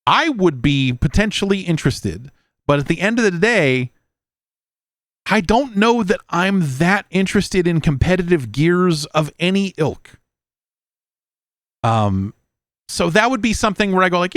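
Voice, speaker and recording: A man's voice: fairly high pitch, animated, moderate pace, no room sound, studio quality. Stammering, rambling male podcast host. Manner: rambling, stammering, swears casually. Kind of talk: casual chat reading listener mail.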